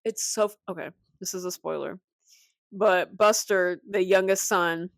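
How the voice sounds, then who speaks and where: A woman's voice: fairly low pitch, a little slow, gravelly, dry recording. A woman co-hosting a casual podcast, retelling scenes with lots of laughter and playful put-on voices. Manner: animated storyteller, laughs often, acts out quotes. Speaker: podcast co-host. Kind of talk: casual chat. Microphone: cheap desk mic.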